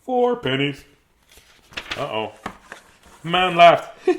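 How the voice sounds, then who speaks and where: A man's voice: mid-range voice, lively intonation, moderate pace, a bit bright. A man in his fifties reading a children's book aloud on his show, chatty and prone to rambling asides. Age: 50s. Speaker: host reading children's books. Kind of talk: casual live read-aloud.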